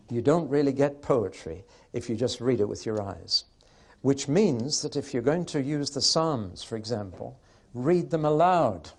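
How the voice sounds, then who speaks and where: Male Bible teacher, medium pitch, explanatory lecture delivery, recites verse in rhythm. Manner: explanatory, asks the audience questions.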